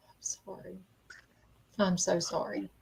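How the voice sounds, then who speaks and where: A woman's voice: on the low side, flat delivery, slow, vocal fry, a little mellow, breathy edge. Earnest woman medium, frequent "okay?". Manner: earnest, repeats "okay?" to check in, frequent ums. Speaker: psychic medium hosting a live reading. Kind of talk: live-stream spirit reading.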